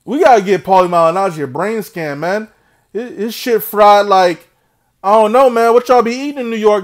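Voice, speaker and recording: A young man ranting to camera as a boxing vlogger, mocking and full of slang. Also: high-pitched. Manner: trash-talking, slangy, mocking.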